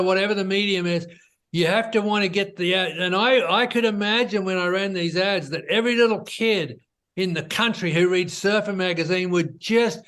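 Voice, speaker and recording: A founder tells his business story in a comfortable, chatty interview, dropping "you know" and "right?" often. He has a high voice with a clean tone.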